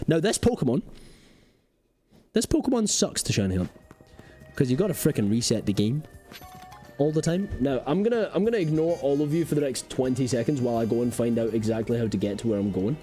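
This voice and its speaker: A young man chats through a live game stream, jumping from story to joke and talking straight to his viewers. His voice swings widely in pitch, animated and loose, with a faint bed of music under him. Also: brisk. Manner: animated, rambling, jokey, talks to chat. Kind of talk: live gameplay commentary.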